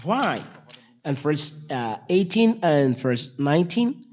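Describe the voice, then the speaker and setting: A man whose first language is not English, teaching from the Bible in a halting, repetitive way with many fillers and restarts. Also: on the high side, very animated, darkish tone. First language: Malagasy or French. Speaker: preacher. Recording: dull lo-fi sound.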